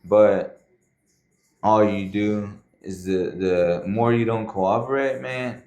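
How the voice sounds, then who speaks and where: A man's voice: on the low side, steady tone, slow pace, darkish tone. A man who is a podcast guest, telling his story in a loose, conversational way full of fillers and frequent "man" and "bro". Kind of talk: casual storytelling.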